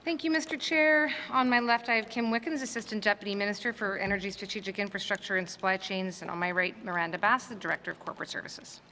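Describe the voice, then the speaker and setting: A woman's voice: medium pitch, fast talker, few pauses, pushed and bright. Formal woman minister answering in a chamber. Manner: formal, hesitant, searching for details. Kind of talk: committee testimony. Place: legislative chamber. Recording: long reverb of a chamber, faint noise.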